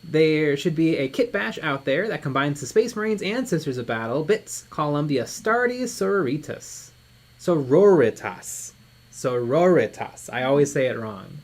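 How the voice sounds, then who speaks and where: A stream co-host chats casually over a miniature-painting session and reads viewer comments aloud. The voice sits at a middling pitch. It rises and falls a lot as it talks. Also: very animated, moderate pace, few pauses. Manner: chatty, reads out viewer comments and laughs often. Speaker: live stream co-host reading viewer chat.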